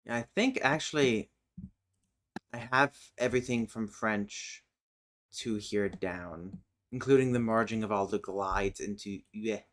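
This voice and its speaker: A man's voice: on the low side, measured pace. A man thinking aloud in fragments while chatting casually as a streamer. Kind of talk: casual chat while working on a language.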